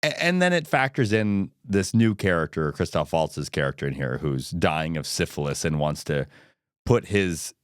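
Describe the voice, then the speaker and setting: Podcast co-host, man, low voice, dry close sound, animated and quick with restarts. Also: clear, resonant tone, no room sound. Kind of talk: casual film discussion.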